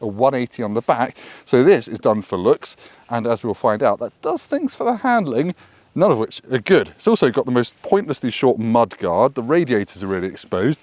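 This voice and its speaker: Lively, joking man reviewing a motorbike. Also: medium pitch. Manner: jokey, self-deprecating, rambling asides. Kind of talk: casual to-camera review. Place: outdoors beside a road.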